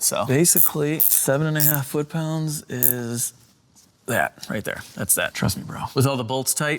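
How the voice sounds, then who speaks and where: Gravelly, chatty man in a garage. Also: mid-range voice, a little hiss or hum. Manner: chatty and excitable, talks to viewers while working. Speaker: car channel host. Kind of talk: hands-on DIY repair vlog talk. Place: home garage workshop.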